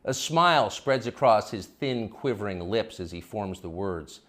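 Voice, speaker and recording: A man's voice: animated, unhurried, fairly bright tone. A man hosting a commentary show, delivering a scripted opinion monologue in a sarcastic, mocking way. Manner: sarcastic, mocking delivery with sudden high swoops.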